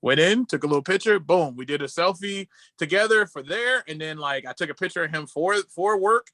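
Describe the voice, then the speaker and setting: A man co-hosts a casual podcast over a video call and tells excited stories. His voice is bright and sits a little high, with a dry, close sound. When he quotes other people, he drops his voice lower. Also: fairly quick, dry recording. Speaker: podcast co-host.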